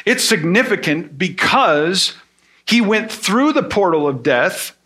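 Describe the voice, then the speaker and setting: A man's voice: sits high, big pitch swings, slow pace, sharp tone. A man preaching a sermon in an earnest tone. He explains with everyday examples and asks rhetorical questions. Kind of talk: sermon teaching.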